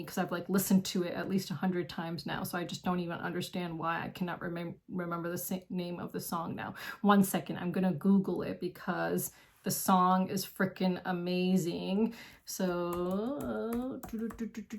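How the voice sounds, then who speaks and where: Woman board game vlog host, casual and effusive, talks in rushing "like"-filled gushes. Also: on the low side, level tone, gravelly. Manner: gushing and effusive, heavy use of "like". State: single, lives alone.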